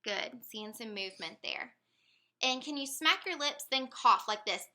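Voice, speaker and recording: A woman running a motor speech examination, giving calm step-by-step instructions. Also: on the high side, unhurried, a little hiss or hum. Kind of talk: clinical motor speech exam.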